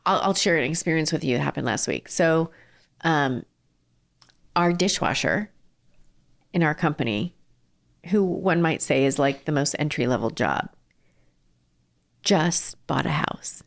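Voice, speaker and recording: A woman's voice: low voice, expressive, moderate pace, creaky, long pauses. A middle-aged woman, a company founder, talking earnestly in a casual interview with many fillers and restarts. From southern California. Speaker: ice cream company founder and CEO, guest.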